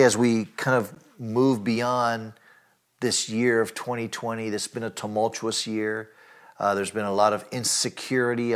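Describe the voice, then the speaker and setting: A man preaching a sermon, earnest and emphatic, often asking his listeners direct questions and filling pauses with "uh" and "you know". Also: fairly low pitch. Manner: earnest preaching with rising emphatic lines and frequent fillers. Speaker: pastor.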